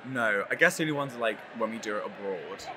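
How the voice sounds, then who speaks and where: A man's voice: on the low side, lively intonation, fast, background noise. A man, a musical's co-writer, chatting casually in an interview, rambling with lots of "like". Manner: rambling, heavy use of "like".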